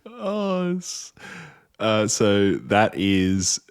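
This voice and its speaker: A man hosting a casual reaction video, laughing and relaxed, tossing in "dude". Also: fairly low pitch, very slow, clean tone, no echo, clean studio sound. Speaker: host.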